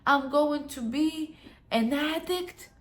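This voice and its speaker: A woman's voice: high voice, slow, slight background noise, voice pushed up. A woman voicing a self-pitying family member who whines and accuses dramatically.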